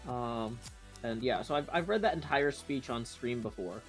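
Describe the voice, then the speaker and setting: A man's voice: mid-range voice, animated, moderate pace, soft background music. Easygoing man chatting on a stream. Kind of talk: casual chat on a live stream.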